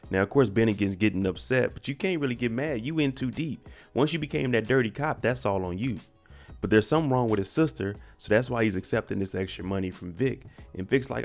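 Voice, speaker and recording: A man's voice: fairly low pitch, brisk, a little mellow, faint music behind. A man recapping a TV episode in a slangy, conversational way, talking straight to his viewers.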